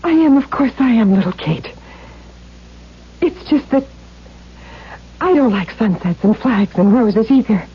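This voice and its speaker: An actress playing a bitter, resolute young woman with intense, quiet delivery in a 1970s radio drama. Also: fairly high pitch, expressive, a little slow, pauses often, slightly rough, exaggerated voice. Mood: tender. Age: young adult. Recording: dull 1970s radio broadcast, faint hiss.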